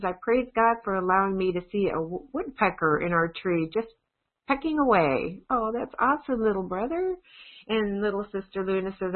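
Woman reading praises over a phone line. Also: mid-range voice. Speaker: church member reading out praises.

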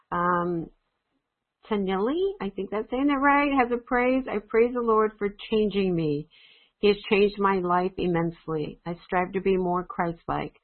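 A woman's voice: mid-range voice, measured pace. A woman on a prayer call reading praise reports aloud in an earnest, careful way. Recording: tinny phone-line audio.

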